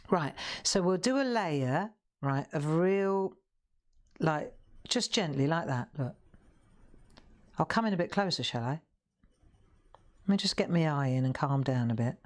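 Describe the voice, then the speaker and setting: A woman's voice: low-pitched, lively intonation, a little slow, long pauses. A middle-aged woman hosting a live colouring demonstration, chatty and encouraging as she talks straight to viewers. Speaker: craft show host.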